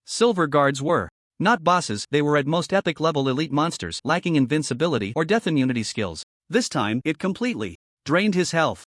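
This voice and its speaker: Lively male narrator, dry sound. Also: a little high, fairly quick, no room sound. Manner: dramatic, expressive storytelling. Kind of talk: scripted story narration.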